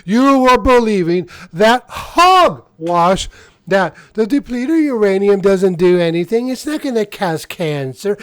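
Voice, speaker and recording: A man with a fairly high voice delivers casual news commentary with open mockery, often breaking into laughter. He rambles and restarts his sentences. The sound is dry and close, with no room around it. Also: animated, measured pace, fairly bright tone, no room sound. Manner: mocking and sarcastic, laughs often. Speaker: channel host.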